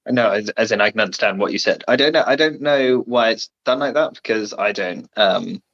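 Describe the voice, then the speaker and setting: A low-voiced man speaks earnestly and rambles, often restarting mid-thought. His voice comes through a dull, lo-fi remote call line, muffled and narrow. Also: moderate pace, fairly bright tone. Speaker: guest actor. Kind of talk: casual chat. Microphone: remote call over Wi-Fi.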